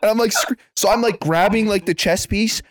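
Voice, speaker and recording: A man's voice: sits high, a little fast, no room sound. Male podcast co-host, loose and profane storyteller, laughs through his lines, dry close-miked sound. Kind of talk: casual chat, storytelling.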